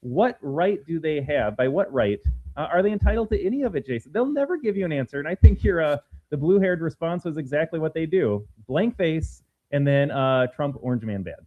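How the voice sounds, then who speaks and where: A man's voice: a little high, a little fast. Emphatic man on a tinny line. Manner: animated, emphatic, sarcastic. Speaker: podcast co-host. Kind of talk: political talk show. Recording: phone-like narrow sound.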